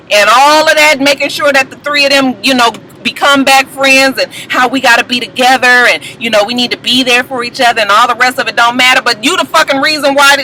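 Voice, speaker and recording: A woman's voice: high-pitched, sharp tone, slight background noise, rough recording. A woman giving a sassy, profane reality TV recap, mimicking the cast and laughing often.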